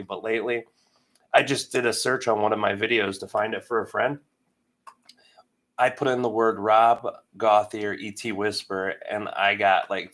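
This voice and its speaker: A man in his thirties from Michigan hosting a casual live stream, chatting and greeting viewers by name in an upbeat way. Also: mid-range voice.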